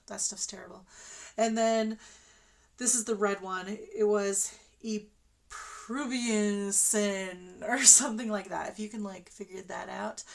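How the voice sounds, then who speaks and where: A woman's voice: medium pitch, creaky. A woman telling her own story on a livestream in a chatty, rambling way, full of fillers and restarts. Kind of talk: casual personal storytelling.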